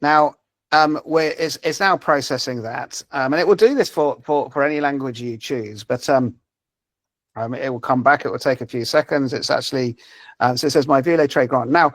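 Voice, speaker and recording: A man's voice: medium pitch, normal speed, a bit bright, no echo. A man presenting a language-learning app in a live webinar, talking over a video call with many fillers and restarts. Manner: hesitant, many fillers and repeated words.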